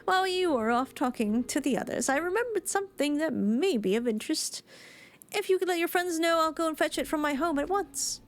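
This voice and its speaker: A woman's voice: high voice, animated, fairly quick, voice pushed up. A woman voicing an island lorekeeper telling an old myth in archaic phrasing. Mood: storytelling. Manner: archaic storytelling, read aloud.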